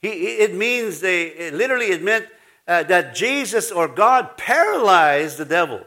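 A male preacher with a slightly higher-than-average voice delivers a sermon in a loose storytelling way. He stops and restarts, laughs, and drifts into asides. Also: animated, measured pace, sharp tone. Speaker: pastor.

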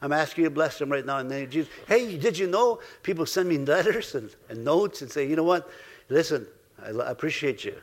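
A middle-aged man preaching a sermon, halting and repeating himself, swinging between loud exclamations and soft asides. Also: a little high, lively intonation. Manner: halting, repeats words and restarts.

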